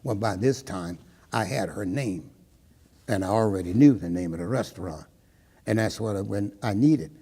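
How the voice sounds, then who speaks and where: A man's voice: lowish voice, moderate pace, dark tone, husky, in a large hall. An older man from Maryland, an interviewee recounting his personal history, who tells his story and often acts out the dialogue he remembers.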